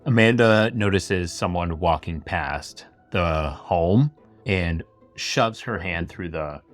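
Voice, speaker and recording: With soft music in the background, a man hosting a podcast tells a true crime tale slowly in a deep voice. He keeps it loose and conversational, leaning on "like" and frequent asides, recorded on a camera-facing setup.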